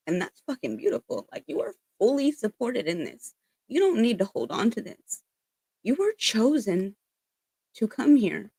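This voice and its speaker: A woman's voice: on the high side, sing-song, normal speed, vocal fry, mellow, breathy edge, dry recording. A woman giving a casual spiritual tarot reading, earnest and emphatic, swearing freely as she passes on encouraging messages. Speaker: tarot reader.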